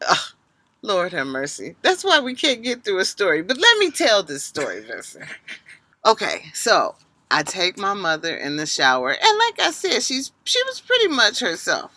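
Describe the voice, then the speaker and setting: A middle-aged woman co-hosting a casual podcast, an animated storyteller who swings between loud and soft. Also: medium pitch, normal speed, no echo. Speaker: podcast co-host.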